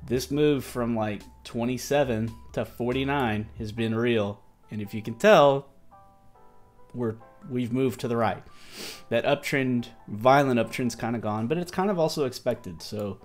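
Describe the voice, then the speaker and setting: A crypto market stream host speaks at a measured pace in a mid-range voice, faint music behind him. Tired and yawning, he reviews the market casually, rambling with slang and restarting sentences.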